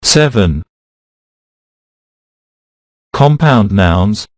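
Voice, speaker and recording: A man reading a pronunciation lesson in a slow, even way, going through rules and word lists. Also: on the low side, no room sound, clean studio sound. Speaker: pronunciation teacher. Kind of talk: scripted lesson narration.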